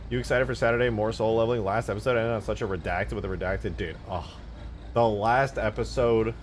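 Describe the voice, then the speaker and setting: A man live-streaming casual chat, excitable and foul-mouthed, yelling thanks to his chat and then mumbling asides. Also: fairly low pitch, a little fast, a little hiss or hum. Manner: excitable, swears a lot, yells thanks to chat; swings between mumbling asides and loud outbursts. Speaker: livestreamer and game modder.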